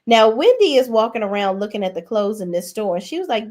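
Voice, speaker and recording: A woman reviewing reality TV episodes in a casual, talky way at a medium pitch. She is sassy and blunt, swears freely and leans hard into her punchlines. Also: fast talker, few pauses. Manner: animated and emphatic. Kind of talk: casual recap commentary.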